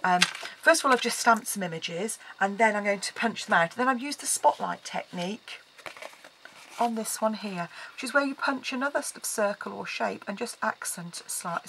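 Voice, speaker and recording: A woman with a mid-range voice and some vocal fry chats through a casual card-making tutorial as she works, saying "um" a lot. The recording is low quality, with loud background noise.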